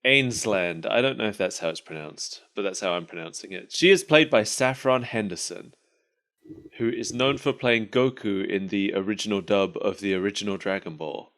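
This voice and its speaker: A man's voice: fairly low pitch, normal speed, a bit bright. A man co-hosting a podcast in casual chat, rambling and laughing often at his own jokes. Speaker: podcast co-host.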